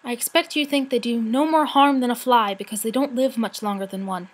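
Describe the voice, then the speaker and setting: A woman voicing a grumpy, sharp-tongued female forest brownie in a storybook reading. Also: on the high side, natural voice. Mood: scolding. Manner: scolding, cross, quick-tempered.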